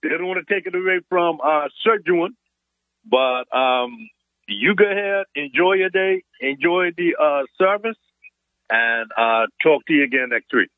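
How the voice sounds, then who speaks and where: A man's voice: on the high side, expressive, a little slow, no room sound, narrow, tinny audio. A man hosting a radio call-in show, chatting casually and agreeing with short interjections.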